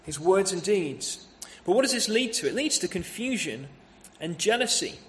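Male preacher, high-pitched tenor, expository sermon delivery, rhetorical questions, echoey church room. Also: sing-song, normal speed, slight background noise. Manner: expository, rhetorical questions, acts out voices of townspeople.

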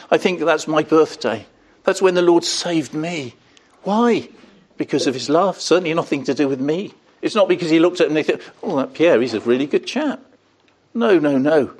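An older man preaching an evening sermon in an earnest way, asking rhetorical questions and rising on key words. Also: fairly high pitch.

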